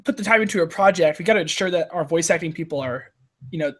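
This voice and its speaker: A man's voice: on the high side, fast, fairly bright tone. A man in a casual podcast chat, easygoing and joking.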